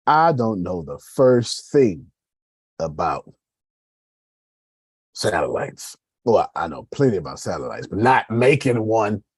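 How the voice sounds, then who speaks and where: Taking it slowly, with long pauses and big pitch swings, this husky, lowish male voice is recorded dry. In a casual motivational talk on his business, he addresses y'all directly and rambles conversationally, restarting his points.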